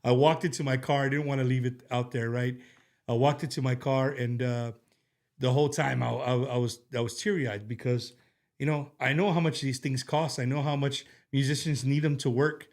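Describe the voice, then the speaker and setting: A man hosts a casual show from a studio, with a voice sitting in an ordinary middle register. He rambles warmly and sincerely, circling back with fillers and false starts. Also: mid-range voice, fairly even intonation, moderate pace. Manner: rambling, heartfelt, with many restarts and fillers. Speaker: show host. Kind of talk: casual talk-show chat.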